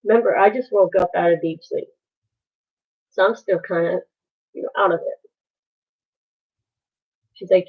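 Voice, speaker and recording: A woman telling a painful story on a live stream, halting and pausing as she goes. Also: lowish voice, steady tone, slightly rough. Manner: halting, with many pauses and restarts. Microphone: phone. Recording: tinny phone-like sound.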